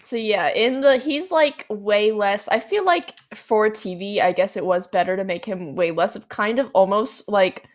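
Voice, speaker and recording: A woman's voice: mid-range voice, normal speed, few pauses. A woman co-hosting a casual podcast chat while gaming, rambling with frequent laughs. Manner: rambling, many fillers and restarts, laughs often. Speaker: podcast co-host.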